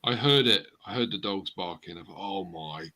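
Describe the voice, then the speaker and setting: A man in his forties hosting a casual live chat, an animated storyteller who laughs at his own tales. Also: on the low side, brisk. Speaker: host.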